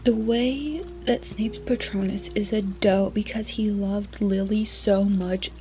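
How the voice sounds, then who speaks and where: A woman's voice: mid-range voice, fairly even intonation, slow, dark tone, a little hiss or hum. A young woman book vlogger chatting casually, gushing and emotional, often dropping to a whisper. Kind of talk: casual reading vlog.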